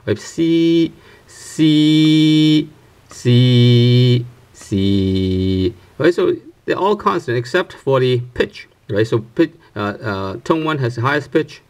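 A man explains a language lesson in an unscripted, step-by-step way, full of fillers, restarts and a frequent questioning "right?". His voice sits at an ordinary middle pitch, and he often says sample syllables aloud to show each tone. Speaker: language teacher.

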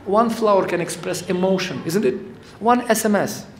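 A man's voice: sits high, moderate pace. A man giving a devotional lecture in a temple hall, talking conversationally and animatedly while telling stories. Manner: conversational, animated, acts out quotes. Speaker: spiritual lecturer. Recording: echoey hall with faint noise.

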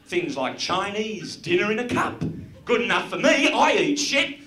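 A man's voice: high voice, big pitch swings, moderate pace, pushed and bright, slight background noise. A man with an Australian accent doing a crude live stand-up routine, joking at the crowd. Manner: crude, brash jokes aimed at the crowd. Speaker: stand-up comedian. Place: stage in front of a live audience. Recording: roomy live venue recording with audience.

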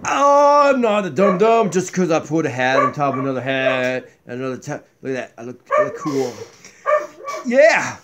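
A man's voice: medium pitch, big pitch swings, moderate pace, heavy background noise. A man talks off the cuff in a home vlog with a puppet, trailing off and restarting his thoughts. He is recorded on a tablet mic in a home kitchen. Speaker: vlogger. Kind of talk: casual rambling vlog with a puppet. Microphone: tablet built-in mic.

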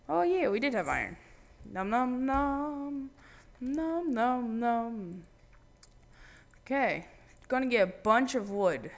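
A man hosting his own gaming channel, giving casual let's-play commentary with random, jokey, excitable banter. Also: very high voice, slow, gravelly, long pauses.

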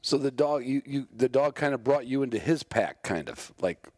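A man's voice: medium pitch, expressive, moderate pace, a little mellow. A man hosting a podcast interview in a friendly, chatty way, often stammering and restarting his sentences. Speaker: podcast host.

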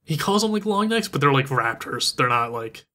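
Man hosting a casual recap podcast, bright voice, laughs a lot. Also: medium pitch, normal speed. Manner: laughing often, animated retelling. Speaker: podcast host. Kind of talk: casual chat, episode recap.

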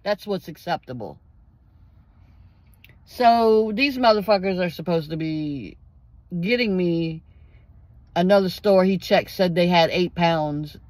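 A woman's voice: on the low side, slow pace, pauses often, a little mellow, no echo. A woman, telling a story vlog in a heated, profane rant and acting out the argument. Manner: profane, heated venting, acts out the exchange. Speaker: vlogger.

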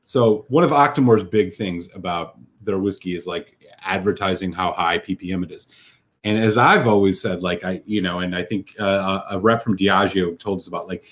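A man's voice: sits low, moderate pace. A man hosting a casual live whisky tasting, talking enthusiastically with many fillers and restarts. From United States. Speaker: whisky reviewer host.

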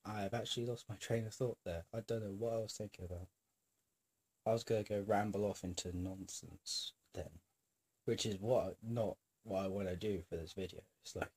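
A man with a sore throat and a nagging cough, rambling in a scattered, self-deprecating way to his camera and clearing his throat often. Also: lowish voice, steady tone, normal speed. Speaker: vlogger. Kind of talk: rambling casual monologue to camera.

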